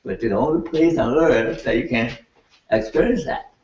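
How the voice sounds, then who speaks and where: An older man lecturing a class in an animated way, laughing and checking in with his students as he goes. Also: medium pitch, moderate pace. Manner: animated, laughing, keeps asking the class "right?". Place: lecture room. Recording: echoey, distant, dull room recording.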